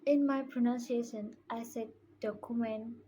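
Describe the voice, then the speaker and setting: A young woman with an Indonesian accent, a student presenting her own recorded class work and slowly repeating words to demonstrate them. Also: a little high, fairly even intonation, warm tone, slight background noise, rough recording.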